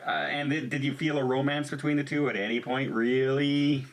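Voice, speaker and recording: A man co-hosts a casual movie review chat, rambling with lots of fillers, plenty of "like," and frequent laughter. His voice is medium-pitched and level at a moderate pace.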